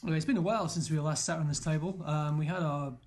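A man from the north of England hosting a casual beer-tasting chat, relaxed and quick to laugh. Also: fairly high pitch. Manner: relaxed, chatty, laughs often. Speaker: podcast host.

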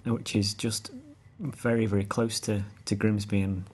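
A man's voice: fairly low pitch, level tone, measured pace, a little mellow, breathy edge. A man from Scunthorpe with a North Lincolnshire accent, chatting casually on a beer podcast in an easygoing, hesitant way. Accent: North Lincolnshire English. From Scunthorpe, England. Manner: easygoing, self-deprecating, hesitant with fillers. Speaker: podcast co-host. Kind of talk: casual chat.

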